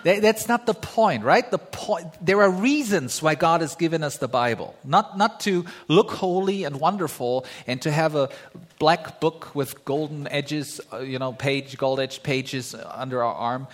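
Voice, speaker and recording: A man preaching a sermon as pastor, in a lively, joking, conversational way, asking rhetorical questions. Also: a little high, measured pace.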